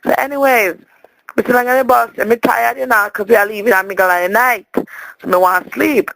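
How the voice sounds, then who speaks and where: A fussy Jamaican woman, played by a man, rants her way through a long voicemail, tripping over her words as she complains. Her voice sits very high with a gravelly edge. The sound is dry and close, with no room around it. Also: steady tone, a little fast, fairly bright tone, no room sound, full character voice, low-quality recording. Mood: exasperated. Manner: rambling, stammering, complaining. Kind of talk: comic monologue as a voicemail.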